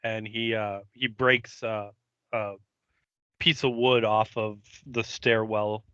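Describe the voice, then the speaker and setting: Bright, clear male podcaster recapping loosely. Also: fairly low pitch, flat delivery, slow, no room sound, muffled recording. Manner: rambling recap with many ums and uhs. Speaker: podcast co-host. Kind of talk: casual episode recap.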